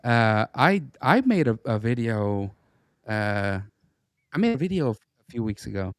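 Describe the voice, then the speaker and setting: A middle-aged man co-hosting a casual political podcast, talking in an animated, stammering, jokey way. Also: medium pitch, measured pace, clean tone, no room sound, studio quality. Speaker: podcast co-host.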